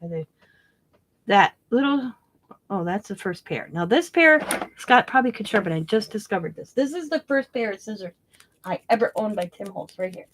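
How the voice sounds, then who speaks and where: A woman's voice: medium pitch, lively intonation, moderate pace, noisy background. Chatty woman telling a story while crafting. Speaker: craft channel host. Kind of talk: casual craft vlog chat.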